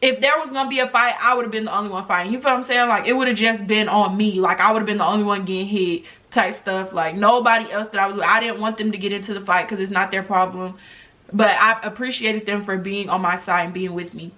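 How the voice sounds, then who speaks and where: A young woman from the United States telling a personal story on her vlog, talking to viewers in an animated, chatty way. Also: mid-range voice, fast. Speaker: vlogger.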